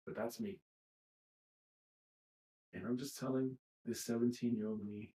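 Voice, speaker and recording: A man's voice: medium pitch, fairly even intonation, measured pace, long pauses, dark tone. A man in his thirties with a mid-range voice, speaking from New York in a raw, profane, emotional outpouring. He repeats lines for emphasis as he leads a tapping session. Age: 30s. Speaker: EFT tapping coach. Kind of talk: emotional personal monologue.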